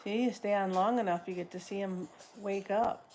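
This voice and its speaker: Woman host, mid pitch, fry-heavy voice, casual home live-stream chatter, cuts off words and restarts. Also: steady tone, normal speed, darkish tone, a little hiss or hum. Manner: rambling, breaks off mid-word and restarts, talks to her pets.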